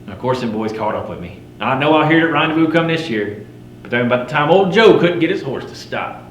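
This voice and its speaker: A living history storyteller plays a grizzled fur trapper, a boastful frontier mountain man spinning a first-person campfire tall tale. His voice sits on the high side, expressive and brisk, with a folksy drawl, rough frontier grammar, and light acting as he swaggers, stays wry, and chuckles at his own yarns. The recording is roomy with a faint hum.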